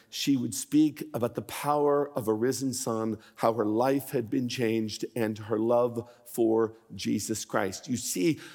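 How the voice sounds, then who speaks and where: A man's voice: mid-range voice, warm tone. Older guy in his 60s giving a sermon, gets fired up and emphatic, big echoey church sound. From Pennsylvania. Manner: builds to impassioned emphatic preaching. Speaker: guest preacher.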